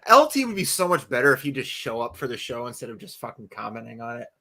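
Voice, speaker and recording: A young man co-hosting a casual podcast, his voice bright and forceful with wide swings in pitch. He swears freely and jumps between shouting and muttering. He talks from his own desk mic, as if on a video call. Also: big pitch swings, fast talker. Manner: loud, profane and playful, swings between shouting and mumbling. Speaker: podcast co-host. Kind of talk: casual chat.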